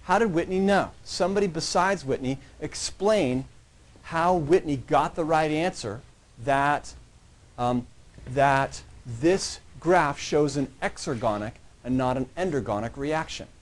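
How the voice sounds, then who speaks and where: A somewhat high-voiced man teaches a college science class at a measured pace, keeping it casual and joking with his students. He keeps asking "yeah?" and "right?" to check in, and his voice fades at times as he wanders off-mic around the room.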